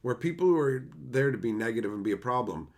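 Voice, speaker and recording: A man chatting casually on a livestream and answering chat, animated and swearing freely in loose run-on asides. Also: mid-range voice, fast. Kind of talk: casual live-stream chat.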